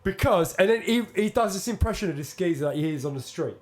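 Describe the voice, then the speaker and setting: Guy on a podcast, high lively voice, swears a lot, loves telling a story. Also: quick pace. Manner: animated storyteller, swears, laughs often. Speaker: podcast co-host. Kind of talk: casual chat.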